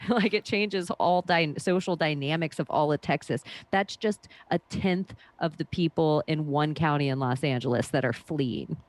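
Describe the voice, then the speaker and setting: A woman's voice: low voice, normal speed, hardly any pauses, no room sound. A woman hosting a podcast in casual conversation, blunt and profane, talking in emphatic rants.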